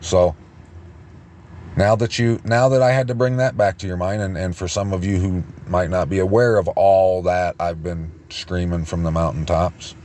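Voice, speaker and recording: A man giving informal online religious teaching, rambling and halting with many false starts and restarts as he reads passages aloud. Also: low voice, fairly even intonation, a little mellow, slight background noise. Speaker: preacher.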